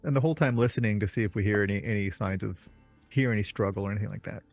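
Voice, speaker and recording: A man's voice: on the low side, very fast, creaky, darkish tone, no echo, faint music behind. A man playing a tabletop game, chatting loosely about his character's moves. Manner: loose, chatty, with fillers and laughs. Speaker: player. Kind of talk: casual play at a tabletop game.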